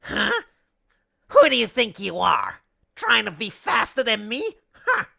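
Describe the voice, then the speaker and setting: A man's voice: sits high, wildly swooping pitch, measured pace, gravelly, bright, forceful tone, voice pushed up, full character voice. A man voicing a boastful young male hawk, a brash cartoon racing rival who taunts. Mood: cocky.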